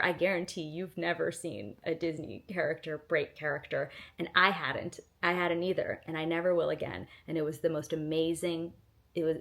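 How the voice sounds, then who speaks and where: A woman's voice: lowish voice, gravelly, fairly bright tone. A woman recalling her days as an actress in a casual, rambling vlog story, full of restarts and bursts of laughter. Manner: breaks into laughter and acts out quotes. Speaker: actress recalling filming stories.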